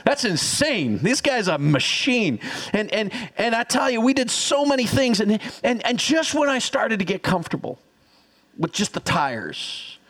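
A man preaching a sermon as pastor, energetic and teaching, calling on the congregation to repeat after him. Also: sits high, unhurried. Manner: energetic, teaching, audience call-and-response.

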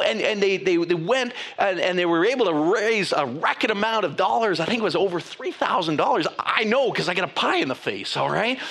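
A man preaching a sermon to his congregation, animated and conversational, with frequent restarts and asides. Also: high-pitched. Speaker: pastor.

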